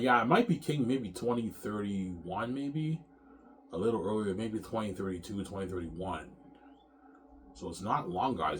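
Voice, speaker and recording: A man in his thirties vents in a rambling vlog, his voice sitting very low. He sounds angry and profane, circles back over the same points, and restarts sentences. A faint hiss of noise sits under him. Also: a little mellow. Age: 30s. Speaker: vlogger. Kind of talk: rambling personal rant to camera.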